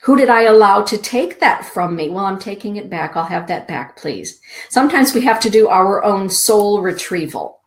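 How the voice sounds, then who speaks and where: A middle-aged woman hosting a spiritual show, giving card readings to listeners in a soft, slow, drawn-out inspirational way. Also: medium pitch, animated. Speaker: show host and card reader.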